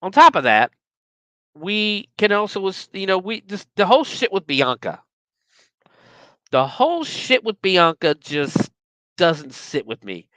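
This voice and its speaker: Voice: medium pitch, measured pace, long pauses, no room sound. A podcast host recapping a horror movie in a casual, ranting way, swearing freely and getting worked up over the plot. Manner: animated, profane, ranting.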